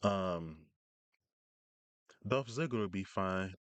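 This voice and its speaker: A man's voice: deep voice, lively intonation, slow pace, smooth, dry recording. A man hosting a casual live stream, rambling through news with many fillers and restarts from his home setup.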